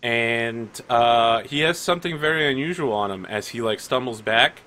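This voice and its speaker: A man running a tabletop game, narrating in a loose, rambling way full of fillers. His voice is bright and clear, at an ordinary middle pitch. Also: moderate pace. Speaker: game master.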